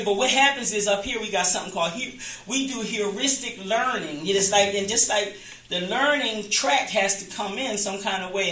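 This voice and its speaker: Bright-voiced woman minister in an echoey room. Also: mid-range voice, slight background noise. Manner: talks informally, repeats and restarts phrases, acts out quoted voices. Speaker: minister teaching a church class. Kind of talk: conversational Bible class teaching. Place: church classroom. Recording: echoey room, distant mic.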